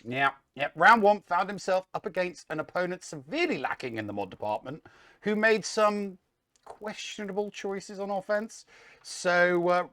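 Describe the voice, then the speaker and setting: A man's voice: sits high, animated, normal speed, pushed and bright. A man co-hosting a casual gaming show, recapping matches with dry humor. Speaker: co-host.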